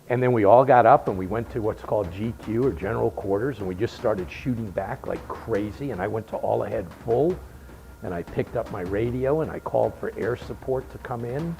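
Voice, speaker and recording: Gravelly older man telling war stories. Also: fairly low pitch, normal speed, darkish tone, poor audio. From Miami, Florida. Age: 70s. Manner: wry, anecdotal, acts out quoted dialogue. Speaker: interviewed veteran. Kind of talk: storytelling interview.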